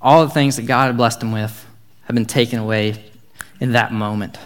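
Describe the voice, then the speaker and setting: A young man with a drawl tells a Bible story in a relaxed, joking way. His voice sits at an ordinary middle pitch, and he keeps the tone upbeat and chatty like a youth leader. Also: moderate pace, clear, resonant tone. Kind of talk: casual Bible talk.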